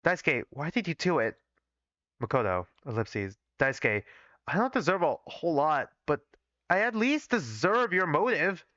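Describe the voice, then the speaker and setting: An anxious young male student from a fan-fiction story pleads with a friend for the truth, as a man reads his part aloud. The delivery stays close to the reader's own slightly high voice, swinging in lively pitch, dry and muffled on a home mic. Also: normal speed, no echo. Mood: pleading. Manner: plain read-aloud delivery.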